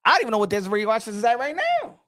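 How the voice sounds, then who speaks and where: A man's voice: very high voice, wildly swooping pitch, racing, pushed and bright, no echo, clean studio sound. A man hosting a boxing podcast in a casual, blunt and profane rant, often repeating words as he restarts his thoughts.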